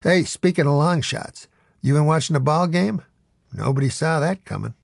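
A man voicing a calm, amused male bookmaker who has seen it all, in a raised voice in a spoken story. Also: a little high, moderate pace, vocal fry, dry recording, clean studio sound.

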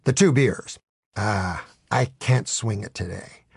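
A man voicing a shifty, wheedling male devil who talks in fast salesman patter, in a comic storybook reading. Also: fairly low pitch, gravelly, breathy edge, no echo, clean studio sound, full character voice. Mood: evasive. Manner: fast-talking salesman patter, fawning when scolded.

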